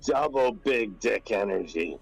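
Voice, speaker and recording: A man's voice: on the low side, expressive, a little slow, vocal fry, soft background music, low-quality recording. A man playing a tabletop game, laid-back and joking as he plans his moves. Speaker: player. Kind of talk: tabletop role-play chat.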